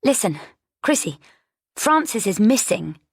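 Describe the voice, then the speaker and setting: A woman doing a serious, low-voiced young man. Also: sing-song, a little slow, gravelly, breathy edge, dry recording, clean studio sound, full character voice.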